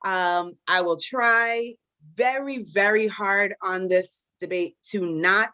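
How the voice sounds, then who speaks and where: Woman, podcast host, debate moderator, casual, lots of ums and restarts, mid-pitched voice, dry sound. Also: slow, pushed and bright, dry recording. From Caribbean diaspora in the US. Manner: chatty, many fillers and restarts, self-deprecating. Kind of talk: casual live-stream moderation.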